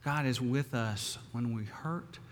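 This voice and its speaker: A man preaching a sermon as pastor in a church, with slow, emphatic swells of volume. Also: mid-range voice. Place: church sanctuary. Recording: long reverb of a large hall.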